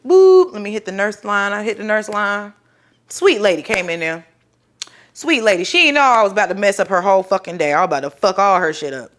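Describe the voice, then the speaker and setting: A woman's voice: mid-range voice, fast, fairly bright tone. A young woman telling a personal story in casual talk, acting out the voices of other people and swearing freely.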